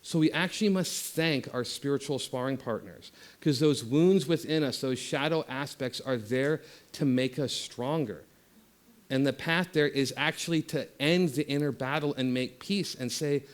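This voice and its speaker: A man delivers a spiritual talk in a middle-pitched voice. He preaches with passion, pushing loud when he exhorts and going soft and low when he leads the listeners inward. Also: normal speed. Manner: impassioned, rising loud in exhortation, dropping soft for meditation. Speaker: guest speaker at a spiritual center. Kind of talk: spiritual talk and guided meditation.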